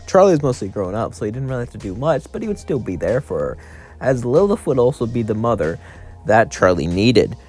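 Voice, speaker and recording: A man's voice: medium pitch, a little mellow. A man telling a fan-fiction story in run-on narration, stringing events together and quoting the characters' lines. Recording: faint music underneath.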